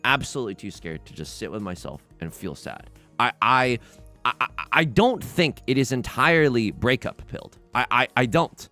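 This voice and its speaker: A young man streaming a game, chatting in a rambling, self-deprecating way with sudden loud outbursts. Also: mid-range voice, expressive, moderate pace, soft background music. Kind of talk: casual livestream chat while gaming.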